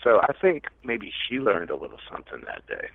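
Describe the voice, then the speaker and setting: A man's voice: on the low side, big pitch swings, a little fast, vocal fry, no room sound. A man telling a long story as a podcast guest, rambling and mocking himself. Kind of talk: casual storytelling. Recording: tinny, dry phone-like line.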